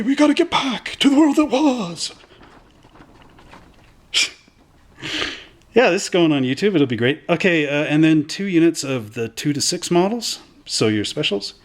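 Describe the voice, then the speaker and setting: A man hosting from a hobby shop, rambling through game rules in a casual, self-correcting way. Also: medium pitch.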